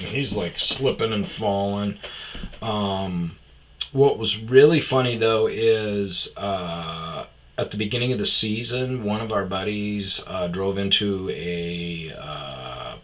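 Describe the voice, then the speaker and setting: A man's voice: fairly low pitch, a little hiss or hum. Foul-mouthed man telling comic stories. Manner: profane, swears constantly; acts out quoted exchanges in raised voice. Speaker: podcast host. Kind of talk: casual comedic storytelling.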